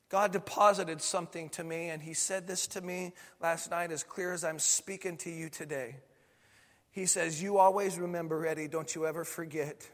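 A man with a high, ringing voice delivers a sermon, driving his points home through insistent repetition. His voice carries a long reverb, as if in a big church hall. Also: fairly bright tone. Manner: preaching with swelling intensity, emphatic repetition. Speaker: pastor.

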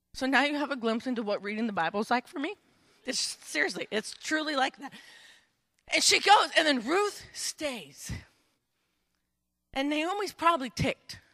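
A woman preaching an animated sermon, acting out scenes and talking straight to her audience. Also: high voice. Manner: dramatic, acts out scenes, addresses audience directly. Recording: echoey hall.

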